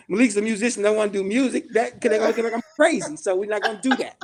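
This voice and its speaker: High-pitched middle-aged guy from chicago, podcast guest, tells stories super animated, cusses a lot. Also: quick pace. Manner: animated, acts out quoted dialogue, swears freely. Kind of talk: casual storytelling in a podcast interview. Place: podcast studio.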